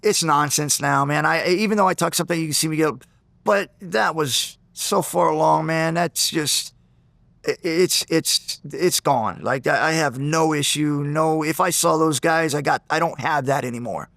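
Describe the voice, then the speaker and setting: A man being interviewed, retelling an old grudge in an intense, animated way with many restarts. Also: fairly high pitch, normal speed, creaky, dry recording. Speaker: interview guest, former fighter. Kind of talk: storytelling in a sit-down interview.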